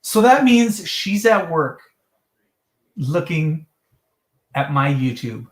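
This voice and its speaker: A man chats away on a live stream, joking and drifting from one topic to the next. His pitch swings widely as he talks. The sound carries a roomy echo. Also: big pitch swings, slow, pauses often. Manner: joking, jumps between topics, mimics voices in high falsetto. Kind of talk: rambling live stream chat.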